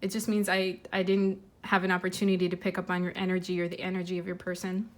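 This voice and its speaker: Woman doing a tarot reading, gentle, kinda teary, lots of ums and restarts. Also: lowish voice, completely flat delivery, fast. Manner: gentle, heartfelt, with many fillers and restarts. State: tearful, fighting emotion. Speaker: tarot reader. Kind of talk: intuitive tarot reading to camera.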